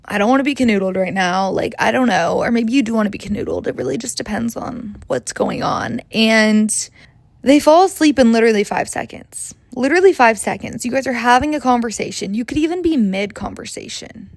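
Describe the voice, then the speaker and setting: A woman's voice: a little high, animated, brisk, vocal fry, no echo. A young woman in her twenties hosting a comedic podcast, talking in a chatty, rambling, profane and self-mocking way. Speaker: podcast host. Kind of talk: comedic casual monologue.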